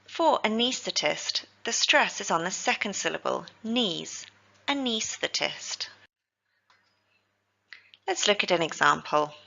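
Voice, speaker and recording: Bright, gravelly-voiced woman teaching. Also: medium pitch, animated, lo-fi sound. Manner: slow, careful pronunciation drills. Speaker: English teacher for healthcare. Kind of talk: scripted teaching narration.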